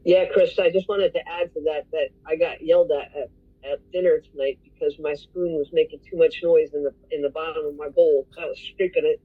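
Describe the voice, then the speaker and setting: A woman's voice: low voice, fairly even intonation, a little fast, breathy edge, no room sound. A woman in a weight loss support group, chatting and quoting others on a video call. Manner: chatty, laughing, quotes others. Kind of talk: casual video call chat. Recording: dull dry video call audio.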